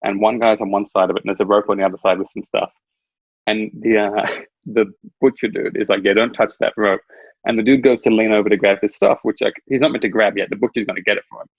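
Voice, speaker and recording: A man's voice: fairly low pitch, fairly even intonation, quick pace, husky, no echo, highs cut off. A man chatting casually as a guest over a video call, rambling through stories and laughing at his own anecdotes. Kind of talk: casual chat.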